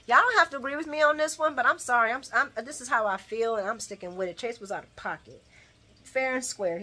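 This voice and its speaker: Lady chatting thru a soap recap, bright voice, a bit high, fired up opinions. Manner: animated and opinionated, talks to viewers as guys and y'all, acts out retorts. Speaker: soap opera recap host. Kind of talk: casual chat, daily show recap.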